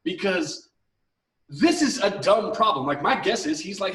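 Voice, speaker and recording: A man's voice: high-pitched, expressive, measured pace, a bit bright, reverberant, recorded from a distance, rough recording. A man co-hosting an advice podcast, ranting heatedly with lots of swearing and mocking impressions of the people he talks about. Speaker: podcast co-host.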